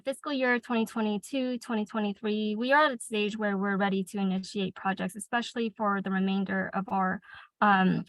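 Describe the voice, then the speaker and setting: A woman on library staff presenting an update at a public meeting, halting, with many fillers. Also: mid-range voice, a bit bright, no room sound, poor audio.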